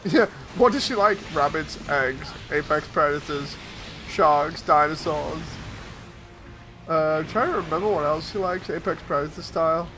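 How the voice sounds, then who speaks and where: A man's voice: fairly high pitch, normal speed, music in the background. A man streaming, telling amused anecdotes in casual chat and chuckling often.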